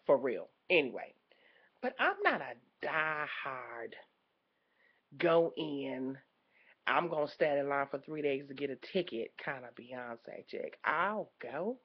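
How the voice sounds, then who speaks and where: Sassy woman vlogger, lively low voice. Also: breathy edge, highs cut off. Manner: gossipy, teasing, sassy asides. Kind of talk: casual celebrity commentary.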